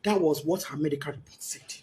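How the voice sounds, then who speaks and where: A grieving Nigerian mother with Yoruba as her first language, giving an impassioned, tearful statement and often shouting as she pleads. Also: sits low, fast. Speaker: bereaved mother. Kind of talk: emotional personal statement.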